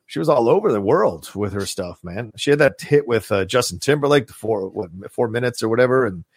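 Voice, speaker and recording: Animated man chatting on a video call. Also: medium pitch, a little fast, husky, no echo, studio quality. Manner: animated, rambling, swearing. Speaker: podcast co-host. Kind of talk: casual chat.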